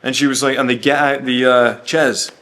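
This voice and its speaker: Swearing, animated man vlogging. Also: medium pitch, normal speed. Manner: animated, swearing, storytelling with quoted asides. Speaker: host. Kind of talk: casual vlog monologue.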